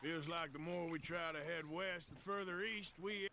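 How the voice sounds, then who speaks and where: An actor playing a weary male outlaw with a gruff, deadpan manner. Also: fairly high pitch, moderate pace, noisy background, close to an everyday voice. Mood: dry.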